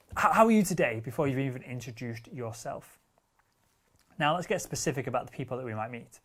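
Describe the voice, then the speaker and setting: A man's voice: medium pitch, darkish tone. A man teaching sales techniques in a direct, assertive coaching manner, with casual wording and the odd curse word. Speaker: sales trainer. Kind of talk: instructional talk.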